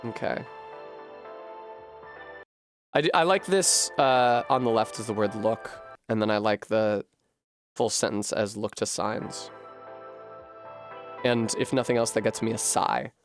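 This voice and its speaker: A man streaming a game from home, working through a puzzle out loud at a desk microphone with frequent swearing and frustration. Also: fairly low pitch, a little slow, soft background music. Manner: profane, puzzling aloud, frustrated. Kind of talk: live-streamed gameplay commentary.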